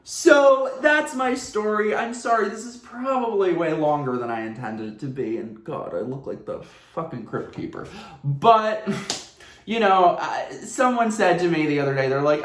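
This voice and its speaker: A man's voice: fairly high pitch, moderate pace, a little hiss or hum. Guy ranting through a date story, voice swooping up and down, lots of laughs, roomy echo. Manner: animated, sarcastic, laughing often. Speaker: vlogger. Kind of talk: casual storytime monologue. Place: at home.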